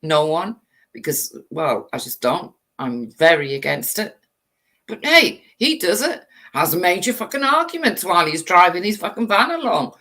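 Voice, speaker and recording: English woman, channel host, angry sweary rant; low voice with a sharp, bright edge. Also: big pitch swings, normal speed. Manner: angry, swearing, rhetorical questions. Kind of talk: livestream rant.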